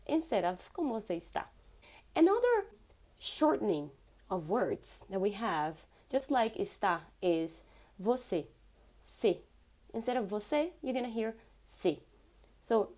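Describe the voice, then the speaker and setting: A woman teaching a beginner language lesson, repeating words slowly for learners. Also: medium pitch, big pitch swings, darkish tone, soft background music. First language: Portuguese.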